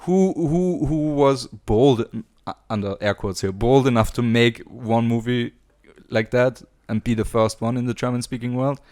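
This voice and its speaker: A man's voice: medium pitch, normal speed, darkish tone. Laughing, joking male podcast host. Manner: laughs often, jokey, mock voices for quotes. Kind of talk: casual podcast chat.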